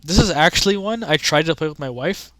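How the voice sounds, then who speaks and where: A man giving casual, rambling commentary on games he has played, halting with many restarts and fillers and offering frank, offhand opinions. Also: a little high, expressive, sharp tone, no echo. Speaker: gaming content creator.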